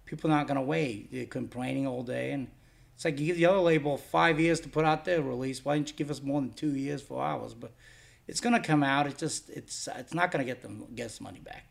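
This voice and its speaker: A man's voice: medium pitch, a little fast, gravelly. A man being interviewed about running his DVD label, talking bluntly and rambling, swearing freely. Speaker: guest, DVD label owner. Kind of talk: casual interview chat.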